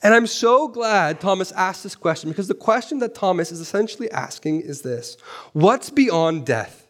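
A high-voiced man preaching to his congregation in a church. He drives his points home with rhetorical questions and repeated phrases, in an animated way. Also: a little fast. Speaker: pastor. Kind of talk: sermon.

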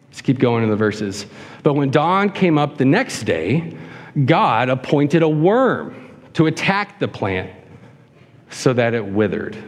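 A man preaching a sermon to a congregation, acting out whiny voices with a raised pitch. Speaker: pastor. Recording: long hall reverb.

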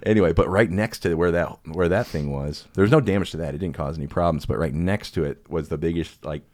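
A man telling a long personal story in casual podcast chat, animated and laughing often, slipping into quick impressions of the people in it. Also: sits low.

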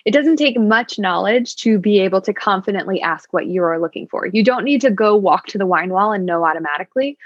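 A woman's voice: mid-range voice, expressive, a little fast, few pauses, no echo. A woman sommelier chatting as a podcast guest, upbeat with wry asides. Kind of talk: casual podcast interview. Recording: dull, slightly lo-fi dry sound.

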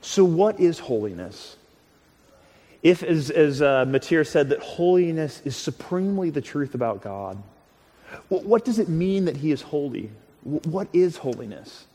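A man's voice: on the high side, sing-song, unhurried, dark tone. Earnest male preacher in a reverberant hall. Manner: earnest, conversational, with frequent restarts and repeated words. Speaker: pastor. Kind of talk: sermon.

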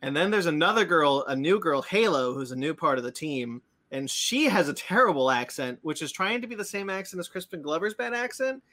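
Casting: bright-toned man, podcast host, loose rambling delivery full of "um"s. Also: fairly high pitch, expressive, a little fast, hardly any pauses. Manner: rambling, many fillers and restarts. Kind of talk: casual chat about comics and cartoons.

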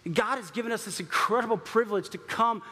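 A man's voice: sits high, fast talker, pushed and bright, husky, in a large hall. A man preaching a sermon in a conversational way, with frequent asides and laughs. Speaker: pastor.

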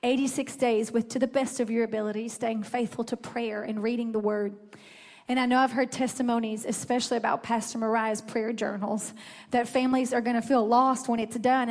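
A woman's voice: fairly high pitch, darkish tone. A woman preacher praying and delivering a sermon to her church in a fervent, declarative cadence. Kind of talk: sermon with opening prayer. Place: church sanctuary. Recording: long reverb in a large hall with music.

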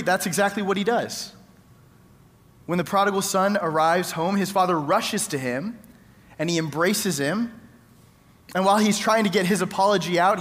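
A male pastor delivering a sermon in a relaxed, conversational storytelling style, briefly acting out the lines of the people in his story. His voice sits a little high. It carries a long reverb, as if spoken in a large hall. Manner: conversational storytelling preacher, acts out quoted lines.

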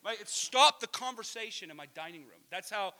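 A man in his thirties preaching in a passionate, animated way, swinging from soft asides to loud emphasis. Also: sits high, brisk. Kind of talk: sermon-style storytelling.

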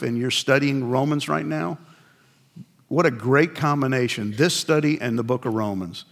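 A middle-aged male pastor preaching a sermon in a conversational, confessional way, dropping into quiet asides. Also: mid-range voice.

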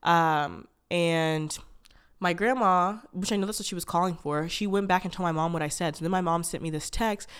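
As a podcast host, a young woman rambles candidly through a personal story, full of "like," false starts and blunt profanity. She speaks at a moderate pace in a clean voice that sits on the low side.

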